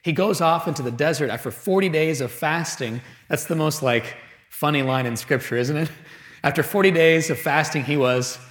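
A man preaching a sermon, telling a story with dramatic pauses and moving between loud and hushed delivery. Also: medium pitch, reverberant.

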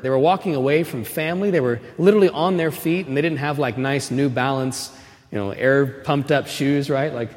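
A man giving a homily at Mass, telling the story casually with lots of "right?" asides and pushing louder and higher when he stresses a point. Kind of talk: conversational sermon. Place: church. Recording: long reverb of a church.

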